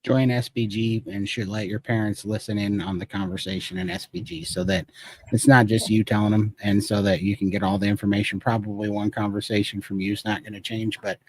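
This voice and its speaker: Brief: male guest, low voice, earnest casual testimony, dry mic. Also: fairly quick, vocal fry, a little mellow, dry recording. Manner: earnest, rambling personal testimony. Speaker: guest speaker. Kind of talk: casual advice chat.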